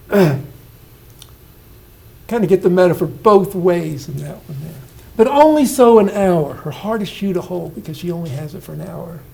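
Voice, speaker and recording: Older male professor, gravelly and mellow. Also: high-pitched, rough recording. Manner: asks listeners questions, explains with restarts. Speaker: retiring professor. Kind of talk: informal poetry lecture. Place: indoor reception room.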